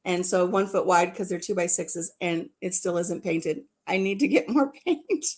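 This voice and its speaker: A woman's voice: fairly low pitch, moderate pace, a little mellow. A woman hosting a casual livestream chat, giggling often and repeating herself as she talks. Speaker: livestream host.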